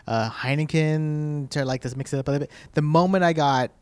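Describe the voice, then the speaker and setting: A man's voice: fairly high pitch, steady tone, fairly quick, a little mellow, clear, resonant tone, dry recording. A man co-hosting a casual beer-tasting podcast, rambling through his thoughts with lots of "like" and restarts. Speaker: podcast co-host.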